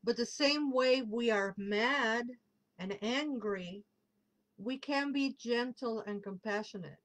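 Woman, livestream host, casual chat, reads comments aloud, slightly high voice. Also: slow, rough recording. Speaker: livestream host and tarot reader.

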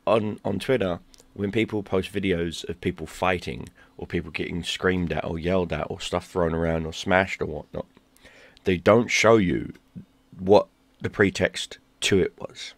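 A man ranting in a heated, profane monologue, dropping to a mutter and then bursting out loud. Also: moderate pace, no room sound. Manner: heated and profane, swings between low mutter and loud outbursts. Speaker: gaming YouTuber.

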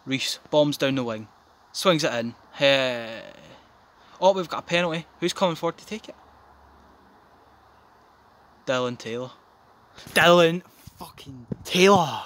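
A young man giving excitable, sweary, jokey commentary on his football game from his back garden, breaking into yells. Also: a little high, fairly quick. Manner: sweary, jokey, bursts into yelling. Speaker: gaming commentator.

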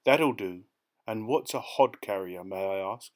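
A man voicing a big, menacing motorcycle policeman who talks softly and mockingly, then barks orders. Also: on the low side, a little slow, close to an everyday voice. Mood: stern. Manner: soft and mocking, then barking.

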